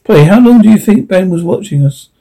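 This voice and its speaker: A man's voice: high voice, animated, fast, gravelly, dark tone, full character voice, low-quality recording. A man reading an anxious young woman. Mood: worried.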